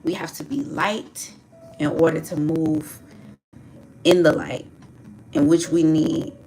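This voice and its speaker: A woman leading a group through spoken affirmations in a slow, emphatic call-and-response, urging them to repeat after her. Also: sits low, darkish tone, faint music behind.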